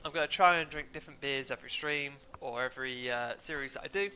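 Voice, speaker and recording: Sniffly man with a bright, droning voice. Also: medium pitch, quick pace, a little hiss or hum. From England. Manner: rambling, chatty, self-deprecating. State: sniffly with hay fever. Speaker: streamer. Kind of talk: casual gaming stream commentary. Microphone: desk mic, muted now and then.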